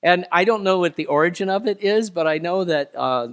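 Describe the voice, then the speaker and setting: Pastor, man, slightly higher voice, delivers a chatty, self-deprecating sermon. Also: expressive, a bit bright, clear, resonant tone. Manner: conversational, self-deprecating, acts out little dialogues; slow, solemn scripture reading.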